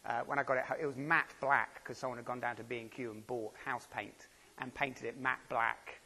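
A man's voice: mid-range voice, fairly even intonation, brisk, vocal fry, bright, forceful tone, slightly rough. A man preaching a sermon, chatty and full of rhetorical questions. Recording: long reverb of a church hall.

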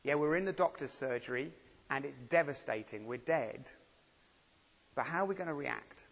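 A man's voice: mid-range voice, normal speed, creaky, a bit bright. A man preaching a sermon, chatty and full of rhetorical questions. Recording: long reverb of a church hall.

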